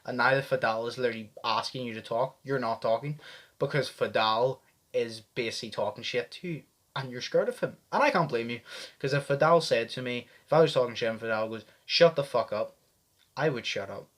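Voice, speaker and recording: A man's voice: mid-range voice, fairly quick. Fired-up guy ranting, swearing freely. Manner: animated, heavy swearing, fired up. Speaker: vlogger reacting to press conferences. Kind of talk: casual reaction commentary.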